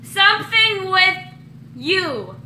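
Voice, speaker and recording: A vlogger in a casual party game, loudly guessing and half singing lines. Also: very high voice, big pitch swings, drawn-out words, echoey room, slight background noise. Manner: loud, playful guesses and half-sung lines.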